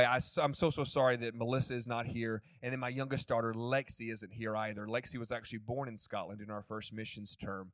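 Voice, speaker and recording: Upbeat Texan missionary preacher. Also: male voice, medium pitch, fairly bright tone, no echo, studio quality. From Dallas, Texas. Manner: chatty, upbeat, joking with the congregation. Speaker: missionary guest speaker. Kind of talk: sermon opening. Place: church sanctuary.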